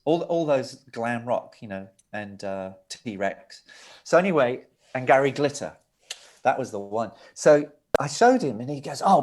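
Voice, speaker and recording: A middle-aged man, a record producer telling laughing, lively anecdotes as an interview guest. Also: on the low side. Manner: lively, laughing, with restarts and asides.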